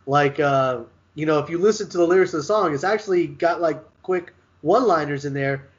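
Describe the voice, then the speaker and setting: Middle-aged male co-host, a little high-pitched, relaxed and wry, dull lo-fi mic. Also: fairly quick. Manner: relaxed storytelling, wry asides. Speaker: podcast co-host. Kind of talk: casual chat.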